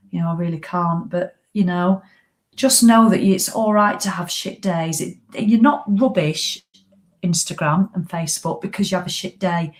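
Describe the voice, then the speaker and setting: A middle-aged woman with a British English accent, hosting a live walking group as a fitness coach in a chatty, blunt, motivational way with casual swearing. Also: mid-range voice. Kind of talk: casual live-stream chat.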